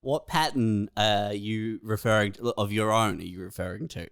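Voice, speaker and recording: A man co-hosting a comedy podcast who asks calm, probing questions and adds wry, dry jokes. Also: lowish voice, moderate pace, clear, resonant tone. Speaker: podcast co-host.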